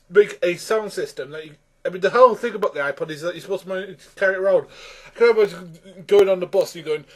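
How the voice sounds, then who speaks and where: A man's voice: high voice, fast, darkish tone. A man ranting through a film review, exasperated and rambling with many restarts.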